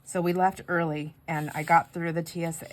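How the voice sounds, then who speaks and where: A woman's voice: on the low side, level tone, a little fast. A woman chatting casually while decorating pages, telling a rambling story with asides about her crafting. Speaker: craft vlogger.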